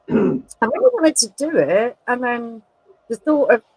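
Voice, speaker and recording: A woman's voice: fairly high pitch, very animated, measured pace, creaky, darkish tone, a little hiss or hum, rough recording. A woman joining her partner's live chat, making wry, dry comebacks and giggling. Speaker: host's partner. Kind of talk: casual pub-style live chat.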